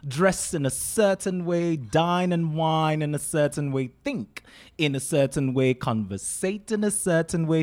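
A man with a Nigerian accent delivers spoken-word poetry, leaning hard on each repeated phrase. His voice sits a little high for a man, and his delivery is emphatic and theatrical. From Nigeria, Calabar. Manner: dramatic, emphatic, with rhythmic repetition.

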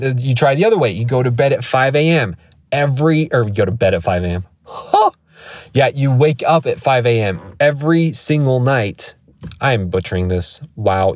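A podcast host in his thirties rants from his car in an emphatic, rambling, motivational way, repeating himself and restarting often. His mid-range voice is a little mellow, recorded dry on an iPhone with no room sound.

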